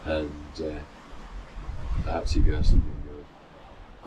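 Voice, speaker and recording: Out on a mountain balcony, the vlogger's rumbling low voice stays completely flat as he slowly rambles through his long run, restarting and filling pauses as he goes. The middle-aged runner's audio is dull, captured by a distant mic with noisy ambience around him.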